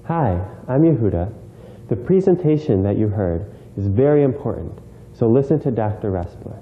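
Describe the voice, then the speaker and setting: A man's voice: fairly low pitch, animated, moderate pace. A man earnestly reciting a short prepared message. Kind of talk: read-out message. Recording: tinny phone-like sound with faint noise.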